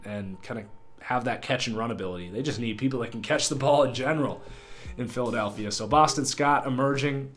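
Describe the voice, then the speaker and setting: A man's voice: medium pitch, fairly bright tone. Man with a nasal, stuffy voice. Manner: loose, conversational, with fillers. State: nasal from a cold. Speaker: sports video host. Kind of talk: casual football analysis talk. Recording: faint guitar music behind.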